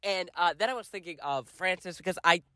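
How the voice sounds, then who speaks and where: A man co-hosting a podcast in casual chat, telling stories in an animated way and laughing often. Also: high-pitched, brisk, heavy background noise. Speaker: podcast co-host.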